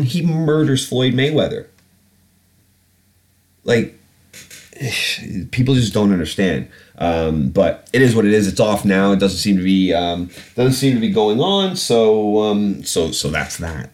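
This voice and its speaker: A man hosting a podcast, ranting bluntly and swearing often, with plenty of ums and restarts. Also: low-pitched. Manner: blunt, sweary, animated ranting with frequent fillers. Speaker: podcast host. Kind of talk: casual solo podcast rant.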